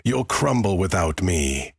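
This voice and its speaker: A man's voice: low voice, big pitch swings, unhurried, creaky, slightly rough, no room sound, heavily acted. A man voicing a cold, controlling seventy-year-old millionaire in a menacing growl, recorded dry and close. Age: older.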